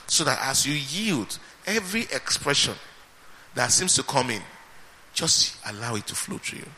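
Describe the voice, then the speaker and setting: A man preaching a sermon, emphatic and repeating his phrases, swinging between loud and soft. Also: medium pitch, a little hiss or hum. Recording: reverberant hall with faint ambience.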